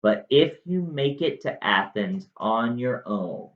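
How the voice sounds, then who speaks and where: A man's voice: medium pitch, animated, slow pace. A man doing a hesitant new king. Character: awkward, cautious newly crowned king. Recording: roomy, slightly muffled room sound.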